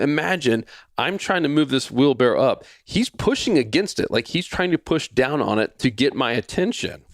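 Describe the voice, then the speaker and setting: A man's voice: on the high side, no echo, clean studio sound. A man in his forties hosting a podcast, telling a personal story that leads into a faith lesson, repeating phrases and acting out what people said. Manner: lively storyteller who acts out quoted lines and repeats himself. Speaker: podcast host.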